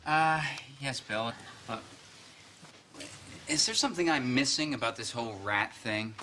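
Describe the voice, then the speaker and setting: A man's voice: medium pitch, unhurried, pushed and bright. An actor playing a polite young male office boss who slips in dry sarcasm, from a sitcom. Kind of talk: sitcom acting. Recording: noisy TV episode with clicks.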